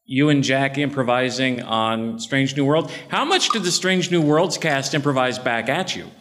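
A man's voice: mid-range voice, moderate pace, fairly bright tone. A man from the audience politely asking a question at a convention panel. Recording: long reverb of a convention hall.

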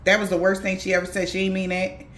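A woman's voice: mid-range voice, monotone, quick pace, fairly bright tone. A woman doing a casual tarot reading for viewers, talking bluntly in slangy, profane speech with laughing asides. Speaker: tarot reader. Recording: echoey room.

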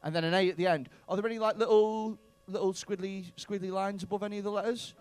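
A man's voice: high voice, steady tone, quick pace, darkish tone, smooth. A male stand-up comedian in a comedy club, doing profane, bantering crowd work with mock outrage.

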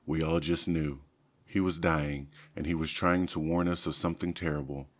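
A man narrating a first-person story for an audiobook, steady and even. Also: very deep voice, normal speed.

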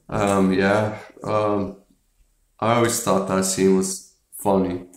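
A man's voice: deep voice, flat delivery, slow pace. A man hosting a casual movie review, rambling with profanity and filler words. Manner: rambling, profane, laughs and acts out scenes. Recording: echoey room.

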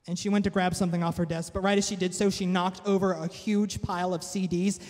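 Young man singing and telling stories, high voice. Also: fast talker, hardly any pauses. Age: young adult. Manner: animated, self-mocking storytelling. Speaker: singer-songwriter. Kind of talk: sung ballad with spoken comic anecdotes. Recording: long hall reverb with live music.

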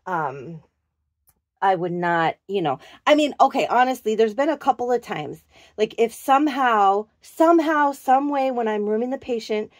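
With a medium-pitched voice, lively intonation, and a moderate pace, a woman speaks in clean studio sound with no room echo. She's a Minnesota vlogger and adult clinic employee who collects dolls, casually presenting doll clothes and gushing about every detail.

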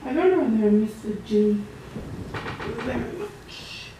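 A woman's voice: fairly high pitch, lively intonation, a little fast, noisy background. A young woman chatting casually in a home vlog, talking hesitantly with many fillers and restarts. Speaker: vlogger. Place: home bedroom with window open.

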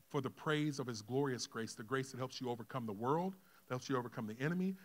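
A middle-aged man preaching a sermon, telling a personal story with acted-out dialogue, dropping to a hush and rising loud. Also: mid-range voice. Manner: emotional storytelling, acts out dialogue, swings from hushed to loud. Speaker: pastor. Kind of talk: sermon testimony.

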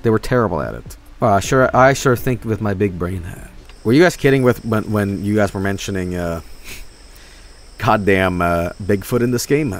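A young man streaming a video game, swearing and reacting loudly to what happens on screen. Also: on the low side, moderate pace, soft background music. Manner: excitable, swears a lot, yells at the game. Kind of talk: live game commentary.

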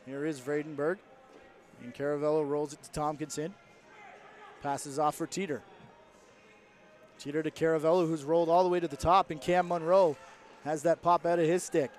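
Man, play-by-play commentary, brisk, slightly high voice, rising with the action. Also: level tone, a little mellow. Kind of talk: sports commentary.

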